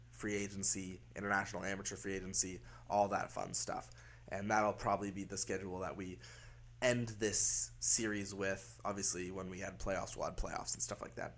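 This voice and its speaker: Congested nasal young man, low voice. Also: fairly bright tone. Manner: rambling, self-correcting, wry asides. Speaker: gaming video host. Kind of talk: casual game commentary.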